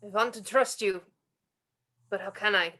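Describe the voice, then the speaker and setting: A woman's voice: medium pitch, normal speed, pushed and bright, close to an everyday voice. A woman reading the part of a cornered young German sergeant in an amateur script reading, tense and suspicious. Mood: wary.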